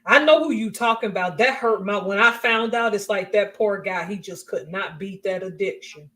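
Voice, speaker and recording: A woman's voice: medium pitch, normal speed, a bit bright. Easygoing woman in casual chat.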